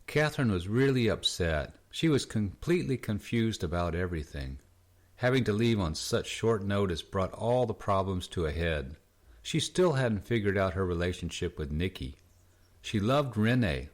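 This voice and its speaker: A man narrating an audiobook in a calm, steady reading voice. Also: on the low side, moderate pace. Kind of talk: scripted narration.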